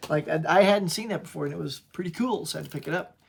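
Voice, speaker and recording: A man's voice: on the high side, very fast, vocal fry, slightly rough. A man hosting his own channel, chatting casually and upbeat as he shows his home movie collection and calls viewers "y'all". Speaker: channel host. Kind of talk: casual collection show-and-tell.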